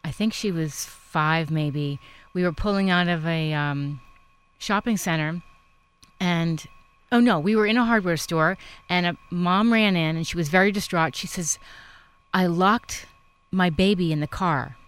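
A woman's voice: lowish voice, measured pace, clean tone. A woman interviewer chatting casually, telling a personal story with many affirming murmurs. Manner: warm conversational storyteller, frequent affirmations.

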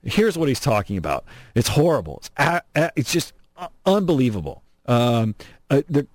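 A man hosting an opinionated political talk radio show from Southern California, animated, sarcastic and emphatic. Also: mid-range voice, moderate pace, no room sound. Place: radio studio.

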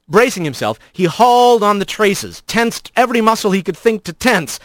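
Guy reading a story out loud, bouncy animated delivery, kinda higher voice, dry close sound. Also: normal speed, no room sound. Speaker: narrator. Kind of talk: audiobook narration.

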